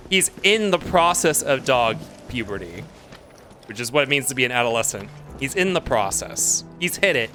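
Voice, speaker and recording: A man's voice: medium pitch, big pitch swings, normal speed, pushed and bright, faint music behind. A man streaming a video game live, chatting casually, easily distracted, reacting to what is on screen.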